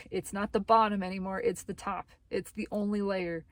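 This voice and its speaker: A woman's voice: mid-range voice, normal speed. Casual woman giving a tarot reading. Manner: animated, laughs often, swears casually. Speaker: tarot reader.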